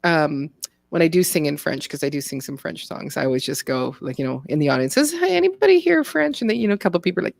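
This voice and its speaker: A woman's voice: low-pitched, fast, creaky, dry recording, clean studio sound. A woman, a singer, telling stories and laughing in a casual live chat. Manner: chatty, laughing storyteller. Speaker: singer and co-host.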